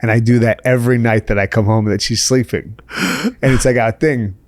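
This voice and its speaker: A man's voice: mid-range voice, steady tone, a little fast, dry recording. A middle-aged man from the Bronx, chatting candidly as a podcast guest, laughing often and saying "you know" a lot. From the Bronx, New York. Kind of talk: casual interview chat.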